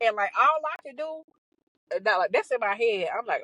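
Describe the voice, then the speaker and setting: A young adult woman hosting a podcast, telling a story in a casual, animated, profane way, with many restarts and exasperated asides. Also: fairly high pitch, fairly quick, no room sound, low-quality recording. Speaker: podcast host.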